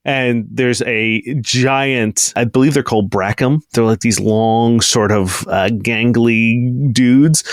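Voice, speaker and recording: A man's voice: mid-range voice, steady tone, slow pace, no echo, studio quality. A man narrating as game master of a tabletop game, loose and rambling with lots of fillers.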